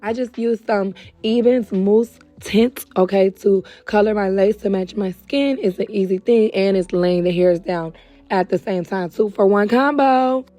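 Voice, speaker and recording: A woman's voice: medium pitch, measured pace, mellow. Tired, chatty woman hosting a wig tutorial. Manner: chatty, calls viewers girl and baby. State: tired and hoarse, short of breath. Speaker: beauty supply wig stylist host. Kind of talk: casual tutorial talk to camera. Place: indoors at home.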